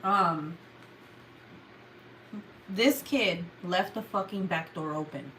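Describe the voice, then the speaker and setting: Young woman vlogging, bright voice, swears a lot, animated, faint hiss behind. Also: lowish voice, slow. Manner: swears a lot, animated retelling with loud outbursts. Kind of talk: casual storytelling to viewers.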